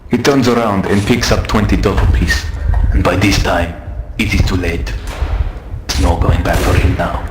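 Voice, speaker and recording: A man telling a comic in-character story in deadpan broken English on a game server. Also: low-pitched, moderate pace. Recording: noisy voice-chat mic.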